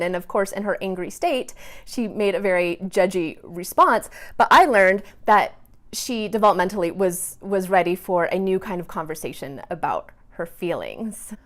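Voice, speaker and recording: A woman in her thirties, a parenting coach, talking in a gentle, earnest way with small restarts as she gives advice. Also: on the low side, expressive, normal speed. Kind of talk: casual advice talk to camera.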